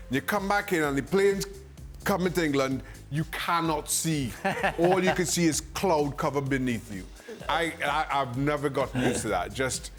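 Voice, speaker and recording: A man's voice: fairly high pitch, a bit bright. A man from Trinidad and Tobago, a pundit chatting on a panel in a wry, chuckling way. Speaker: pundit, former goalkeeper. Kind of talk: casual panel chat.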